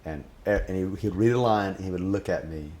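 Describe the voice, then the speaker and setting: A man telling a personal anecdote about his spiritual teacher in an animated, reverent way, quoting others and reciting passages from memory. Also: sits low, moderate pace. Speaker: storyteller.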